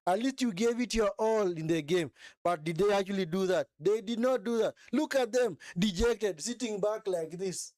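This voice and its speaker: In a dry, studio-quality recording, a young man with a high voice and darkish tone rants at length during a live football watch-along. Speaking at a normal speed, he berates and ridicules the players, mimicking them in whiny fake voices.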